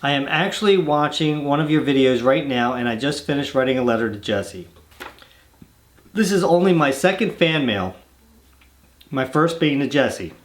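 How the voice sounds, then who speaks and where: A man's voice: mid-range voice, animated, moderate pace. Easygoing man reading fan mail aloud. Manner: easygoing, rambling asides with restarts. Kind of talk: casual chat, reading letters aloud.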